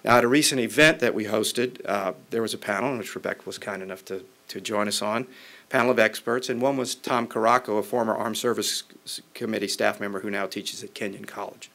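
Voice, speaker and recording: A man who is a member of Congress, giving a formal policy speech in a measured way with occasional restarts. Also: fairly low pitch, fairly even intonation, creaky, a bit bright.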